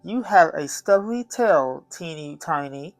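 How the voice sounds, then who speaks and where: A man's voice: fairly high pitch, expressive, slow pace, no echo, soft background music. A man voicing a cheeky little gecko in a storybook reading, blunt and matter-of-fact. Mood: teasing.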